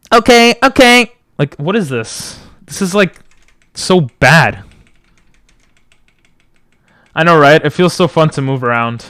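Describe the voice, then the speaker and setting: Joking young male streamer, smooth close voice. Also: fairly high pitch, lively intonation, slow pace, pauses often, pushed and bright, no room sound. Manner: rambling, joking, answering chat. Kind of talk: casual live-stream chat. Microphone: boom mic close to the mouth.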